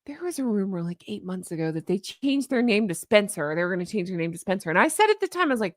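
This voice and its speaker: A woman's voice: mid-range voice, big pitch swings, fast, few pauses, no echo, clean studio sound. A woman hosting a livestream, chatting casually and opinionatedly with her viewers and reading their comments aloud. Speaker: livestream host. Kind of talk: casual commentary to a live chat.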